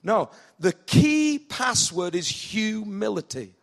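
A man with a northern English accent preaching a sermon, animated, acting out the people in the story with rising intensity. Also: sits high, slow, vocal fry. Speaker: pastor.

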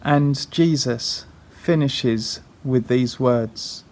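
A man's voice: fairly high pitch, slow pace. A man preaching a sermon, retelling a parable earnestly and putting rhetorical questions to his listeners.

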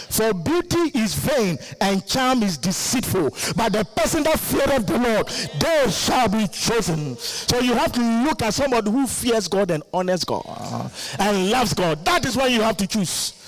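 A male guest preacher with a notably high voice delivers an animated sermon. He laughs often and keeps prodding the congregation for responses. His delivery swings between teasing asides and emphatic declarations.

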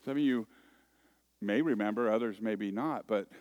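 A man's voice: on the low side, moderate pace, dry recording, highs cut off. A middle-aged man preaching a sermon at a church worship service, in a folksy, joking way full of conversational asides and restarts.

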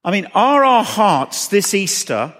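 Man preaching a sermon, high voice, earnest, repeats questions, long church reverb. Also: big pitch swings, slow, a bit bright.

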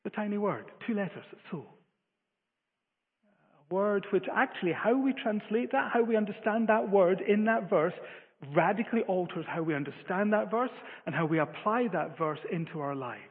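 High-voiced preacher in an echoing hall. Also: male voice, expressive, normal speed, husky. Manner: earnest, emphatic, stumbling restarts. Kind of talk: sermon. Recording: phone-like, long-reverb hall.

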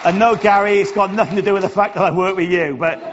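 A man's voice: high voice, fairly even intonation, fast, a faint crowd, slight background noise. A middle-aged Welsh man, a pastor, opening a sermon in a chatty, joking, self-deprecating way in a church hall. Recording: dull lo-fi recording.

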